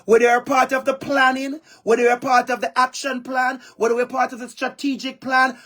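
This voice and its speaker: With a very high, pushed and bright voice, a Jamaican man gives a fervent keynote over video call. He keeps a level tone and moderate pace while repeating phrases to stress them.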